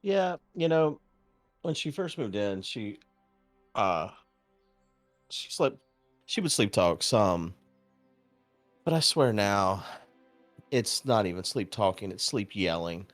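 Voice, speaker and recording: A man streaming and chatting casually, telling a story in a deadpan way with lots of swearing, acting out quotes. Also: lowish voice, slow, pauses often, faint music behind. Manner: profane, deadpan. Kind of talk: casual chat.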